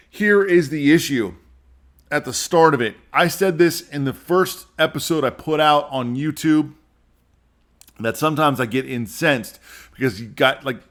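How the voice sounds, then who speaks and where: Male podcast host, 40s, slightly higher voice, earnest and rambling, casual solo talk. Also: a bit bright. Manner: earnest, rambling, repeats himself. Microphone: podcast microphone.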